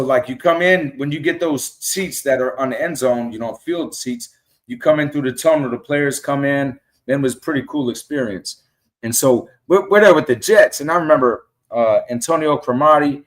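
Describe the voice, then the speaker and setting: A middle-aged guest fan on a casual podcast tells fan stories and acts out quotes with animation. He speaks at a medium pitch and a moderate pace.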